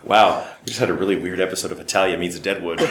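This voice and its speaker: A man from Texas, a voice actor, telling animated stories at a convention panel and slipping into British voices. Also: sits low, rapid-fire, roomy sound, over a noisy crowd. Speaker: voice actor guest.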